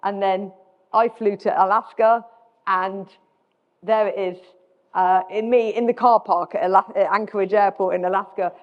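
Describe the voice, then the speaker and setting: Speaking at a moderate pace in a steady, mid-range voice, a British-accented middle-aged woman from Britain delivers a self-deprecating live talk as a guest speaker. She frequently restarts sentences, and the audio is dull with long hall reverb.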